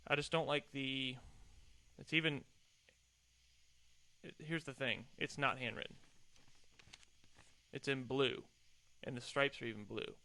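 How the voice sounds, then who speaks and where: Young man, podcast host, rambling casual chat, self-deprecating, bright tone, desk mic. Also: mid-range voice, steady tone, unhurried, pauses often.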